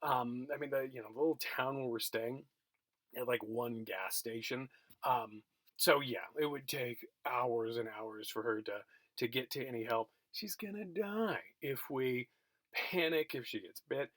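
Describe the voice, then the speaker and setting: Recording at home for remote teaching, a middle-aged man who teaches college geography tells a story in his lecture video. He's chatty and self-deprecating, with lots of fillers and restarts. His mid-range voice is unhurried and fairly bright, and there's no echo.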